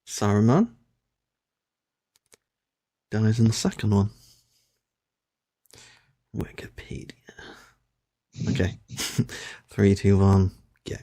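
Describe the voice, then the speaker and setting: Man co-host, deep husky voice, short casual comments, dry sound. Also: level tone, slow, long pauses, mellow, dry recording. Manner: brief, casual remarks. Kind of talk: commentary on a clip.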